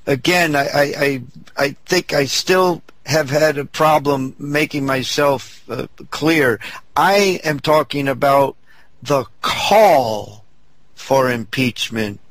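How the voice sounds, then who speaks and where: A man hosts a political talk show in a somewhat high voice, talking slowly and hesitantly as he searches for words. The sound is dry and close. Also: fairly bright tone, no echo.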